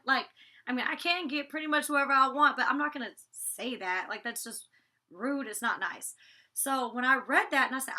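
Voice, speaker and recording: A woman's voice: high voice, expressive, moderate pace, bright, forceful tone. A woman casually recapping a reality show she was on, chatty, full of "like"s and restarts. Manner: talks to her dog mid-recap. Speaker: reality show cast member recapping an episode.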